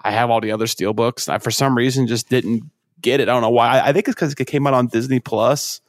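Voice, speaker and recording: A man's voice: medium pitch, steady tone, fast, no room sound. A man co-hosting a podcast in casual chat, teasing and laughing often. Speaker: podcast co-host.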